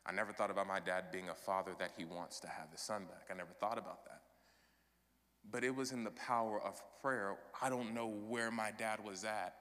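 Impassioned bright-voiced pastor in a 30s voice. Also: male voice, lowish voice, fairly even intonation, fairly quick. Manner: impassioned preaching, swinging from loud proclamation to soft confession. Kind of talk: sermon. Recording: long hall reverb.

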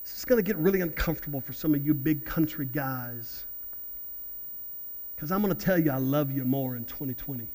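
A man preaching a sermon as pastor in church, halting and repeating words, then building to loud outbursts. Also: on the high side. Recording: long hall reverb.

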